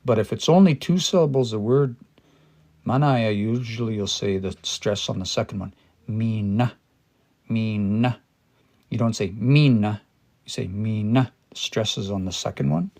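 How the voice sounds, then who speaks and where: A man's voice: on the low side, a little fast, gravelly, a little mellow. A man teaching Cree on a casual livestream, thinking aloud with fillers and restarts and sounding out words syllable by syllable. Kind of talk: casual livestream language lesson.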